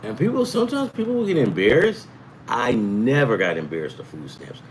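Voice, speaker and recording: A man's voice: medium pitch, sing-song, brisk, a little hiss or hum, rough recording. A middle-aged man hosting a sports betting talk, rambling and profane, jumping from topic to topic. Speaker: sports betting show host. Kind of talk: rambling casual chat.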